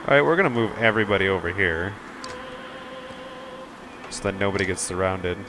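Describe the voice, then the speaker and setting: A man's voice: low voice, animated, a little fast, background noise. A man hosting a game playthrough, reading the dialogue aloud and adding offhand, casual asides. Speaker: let's play host.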